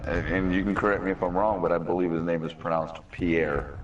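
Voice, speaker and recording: A man's voice: deep voice, level tone, fairly quick, highs cut off. A man hosting a gaming stream, rambling and joking crudely with friends. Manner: rambling storyteller, crude jokes. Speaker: streamer host. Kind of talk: casual gaming banter. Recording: distant from the mic.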